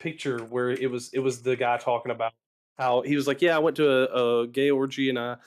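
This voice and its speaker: A man co-hosting a podcast in casual chat, with a mid-pitched, ordinary voice. He stumbles, restarts and laughs a lot as he talks. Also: flat delivery, a little fast. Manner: hesitant, many fillers and restarts, laughs often. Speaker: podcast co-host.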